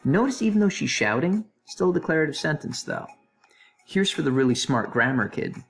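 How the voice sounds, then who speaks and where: A male English teacher giving a recorded grammar review lesson in an animated voice, with playful asides to students. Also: a little high, brisk, creaky, faint music behind.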